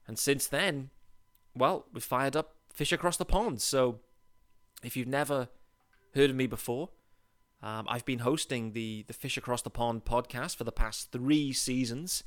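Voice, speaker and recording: A man from England with a British accent, hosting a solo sports podcast in an upbeat, chatty way with emphatic bursts. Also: medium pitch. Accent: British English. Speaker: podcast host.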